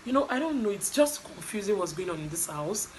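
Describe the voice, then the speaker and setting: A young adult woman with a Nigerian accent recaps a reality show in a casual, gossipy way, telling the story animatedly and chatting through asides. Her mid-range voice moves fairly quickly over a rough recording with a little hiss or hum.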